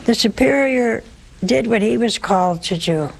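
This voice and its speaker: A woman preaching a sermon, telling a story in a lively, humorous way despite a sore throat. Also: a little high, moderate pace, gravelly, background noise.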